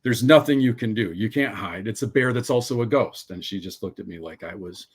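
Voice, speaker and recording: A man co-hosting a livestream, telling an absurd anecdote with halting, deadpan delivery. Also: lowish voice, slightly rough. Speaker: stream co-host.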